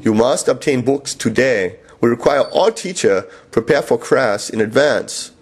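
A man voicing a stiff male office manager who speaks slow, halting, broken English. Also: medium pitch, expressive, breathy edge. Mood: insistent.

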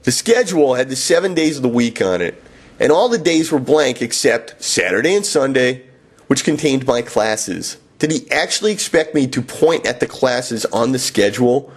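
A man's voice: mid-range voice, animated, normal speed, slightly rough. A man reading his own first-person memoir in a wry, sardonic way. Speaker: author and narrator.

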